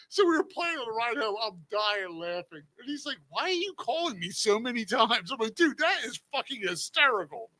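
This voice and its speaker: A man co-hosting a sports podcast, telling stories in an animated, profane, casual way. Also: very high-pitched, normal speed. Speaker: podcast co-host. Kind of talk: casual chat.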